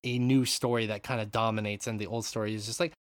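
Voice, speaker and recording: A man hosting a casual gaming podcast, animated and rambling, with free swearing. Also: lowish voice, fast, no echo. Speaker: podcast host. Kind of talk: casual chat.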